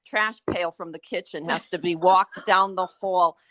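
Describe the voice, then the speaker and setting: Casual: 60s woman, new haven accent, lowish voice but bright edge, tells stories w/ laughs. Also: a little slow. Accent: New Haven, Connecticut. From New Haven County, Connecticut. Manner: lively anecdotal storytelling with laughter. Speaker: podcast guest, former therapist turned entertainer. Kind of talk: casual interview chat.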